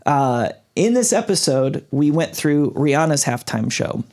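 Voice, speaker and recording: A podcast host with a darkish tone walks his friends through a long explanation at an easy, chatty, unhurried pace. His sing-song pitch swings widely, and he sometimes trips over unfamiliar names.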